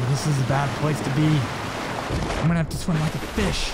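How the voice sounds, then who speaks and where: Over loud music, a gaming channel host gives excited commentary on his play in a fairly high, steady voice. When danger hits he yelps and repeats words in fast bursts, and while looting he chats to himself and the viewer.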